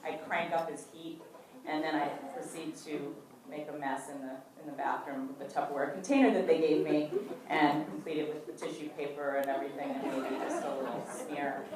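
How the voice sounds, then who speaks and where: A woman's voice: low voice, fairly even intonation, brisk, over a noisy crowd. A woman, an actress at a fan question session, telling a chatty anecdote and acting out the quoted lines in between fillers. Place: event hall before an audience. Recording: echoey hall from far off, faint noise.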